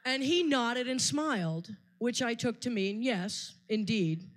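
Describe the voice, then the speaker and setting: A woman's voice: fairly high pitch, animated, slow. Woman, stand-up comedian, dry wry delivery, live comedy stage.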